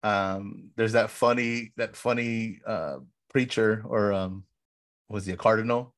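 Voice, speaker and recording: A man with a somewhat low voice co-hosts a casual podcast. He talks in loose, rambling runs full of fillers, and he keeps slipping into acted-out bits as he retells the story. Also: fairly even intonation, measured pace. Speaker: podcast co-host. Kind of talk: casual film rewatch chat.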